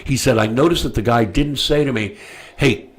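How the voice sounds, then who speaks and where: A man hosting a radio talk show, telling a story bluntly and crudely, loudly acting out the people in it. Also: mid-range voice, brisk. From United States. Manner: animated storyteller, acts out quoted voices loudly.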